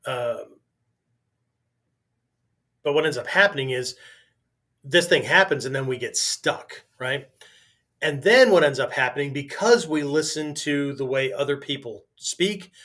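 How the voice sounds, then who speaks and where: A man talks off the cuff as a podcast host, his voice sitting a little higher than most men's. He restarts sentences as he thinks aloud and keeps checking in with the listener with a "right?" after almost every point. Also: a bit bright. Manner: conversational, constantly asks "right?", restarts sentences. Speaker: podcast host and martial arts teacher. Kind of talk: casual podcast monologue.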